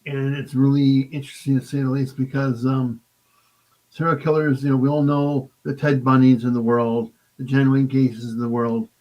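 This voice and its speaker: A man from the United States, guest author in an interview, halting and polite, often saying "sir". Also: mid-range voice, level tone. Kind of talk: casual interview. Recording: dull lo-fi remote line.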